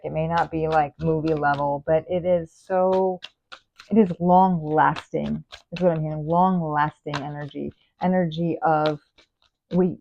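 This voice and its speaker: A woman's voice: low-pitched, creaky, a little hiss or hum. A woman giving a casual tarot reading, chatty and rambling as she talks straight to the viewer. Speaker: tarot reader. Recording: phone-like narrow sound.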